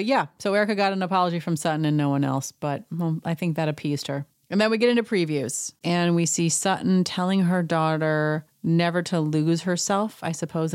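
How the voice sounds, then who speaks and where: A woman's voice: fairly low pitch, a little mellow, clean tone, no room sound, clean studio sound. A woman recapping a reality show at home, indignant and sarcastic, mocking the cast in put-on voices. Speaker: podcast recap host. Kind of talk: casual chat.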